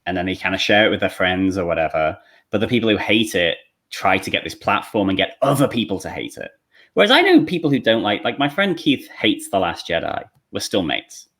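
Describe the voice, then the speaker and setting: A man's voice: sits low, very animated, a little fast, fairly bright tone. A man co-hosting a podcast, talking in a rambling way with frequent restarts. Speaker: podcast co-host. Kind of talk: casual podcast chat.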